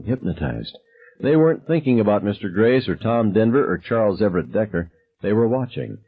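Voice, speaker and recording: Deep husky man narrating a novel. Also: lo-fi sound. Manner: calm, measured, drops low on dialogue tags. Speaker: audiobook narrator. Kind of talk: scripted narration.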